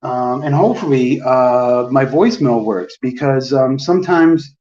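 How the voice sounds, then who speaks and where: Unhurried and a little mellow, a man's mid-range voice carries a long, rambling, exasperated story in casual chat as he imitates everyone in it. He's an adult with a phone plan dating to the early 2000s, and the sound is roomy, distant, and dull lo-fi.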